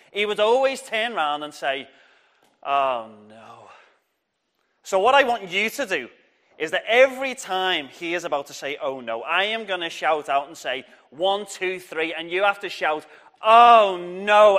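A man telling a Bible story to children at church, lively and encouraging, getting the audience to shout along. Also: sits high, fairly quick. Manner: lively, encouraging, draws the crowd in.

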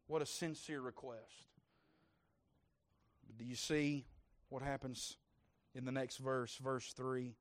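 A man preaching a sermon, moving between loud fervent stretches and soft hushed asides. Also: mid-range voice, level tone, slow pace, pauses often. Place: church service.

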